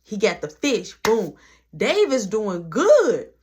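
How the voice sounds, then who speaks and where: Animated woman telling a work story. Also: slow, breathy edge. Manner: animated, punctuated with "boom", acts out every voice. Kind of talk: casual storytime.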